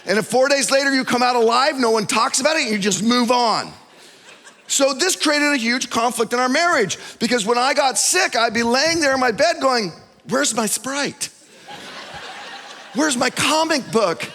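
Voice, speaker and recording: A man preaching a sermon with personal stories, telling them in an animated way and acting out the voices of the people in them. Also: extremely high pitch, moderate pace. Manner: animated storytelling, acts out quoted voices. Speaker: pastor. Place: church auditorium. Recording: long hall reverb.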